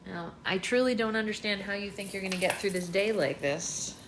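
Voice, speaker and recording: A woman's voice: medium pitch, fairly quick. Chatty young mother in an echoey, noisy room. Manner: chatty, laughing, talks to her baby and to viewers. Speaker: livestream read-along host and mother. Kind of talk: casual livestream chat while minding a baby. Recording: roomy with noisy background.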